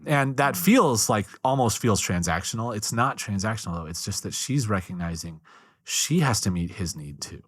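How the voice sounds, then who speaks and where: A man's voice: fairly low pitch, normal speed, husky, dry recording. A man speaking as a guest on a podcast about marriage, telling stories with energy and acting out the quotes. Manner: animated storyteller, acts out quotes. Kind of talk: podcast conversation.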